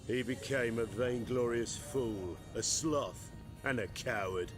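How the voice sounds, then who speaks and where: An actor playing a haughty, contemptuous aristocratic knight in a video game, with a theatrical delivery over game music. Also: male voice, mid-range voice, takes it slowly, natural voice. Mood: scornful. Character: scornful aristocratic male knight, disdainful. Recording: game audio with music behind.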